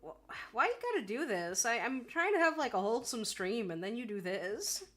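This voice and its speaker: A woman's voice: fairly high pitch, animated, fairly quick, fairly bright tone. A woman streamer in casual chat on a call, exasperated and stammering.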